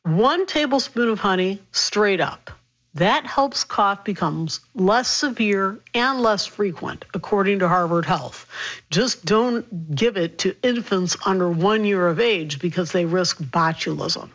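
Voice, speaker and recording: Lively woman doctor explaining health. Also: mid-range voice, measured pace, muffled recording. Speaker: physician health contributor. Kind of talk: explanatory radio interview.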